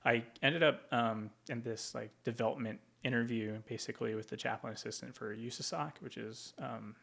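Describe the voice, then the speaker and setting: A man from Tacoma, Washington, a veteran, tells rambling stories in an interview, leaning on frequent ums and likes. His medium-pitched voice has vocal fry and a fairly bright tone at normal speed.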